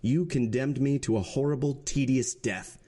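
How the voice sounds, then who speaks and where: A man voicing a cold, calm, vengeful nobleman in disguise in a storybook reading, speaking in a measured, solemn way. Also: mid-range voice, natural voice. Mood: grave.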